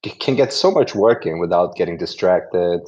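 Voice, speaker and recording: Male host, lowish voice, chatty and self-correcting, lo-fi dull sound. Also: animated, moderate pace, darkish tone. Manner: chatty, rambling, self-correcting, laughs often. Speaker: host of a community audio event. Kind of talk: casual chat and introduction.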